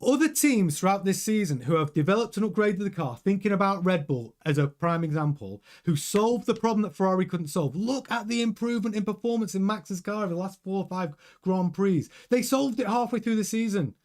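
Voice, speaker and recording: A man's voice: high voice, a little fast, few pauses. A man hosting a motorsport news show, giving emphatic, opinionated commentary straight to his viewers. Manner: emphatic and animated, addressing viewers directly. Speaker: host of a motorsport news channel.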